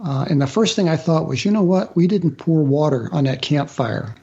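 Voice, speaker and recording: A man telling a personal story as a guest author in a radio interview, halting with fillers and restarts. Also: a little high, dark tone, dull audio.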